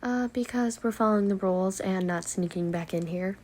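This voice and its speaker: A woman's voice: mid-range voice, moderate pace, a little mellow, slight background noise, close to an everyday voice. A woman voicing a sensible, rule-following young friend who speaks dryly and matter-of-factly, in an amateur role-play.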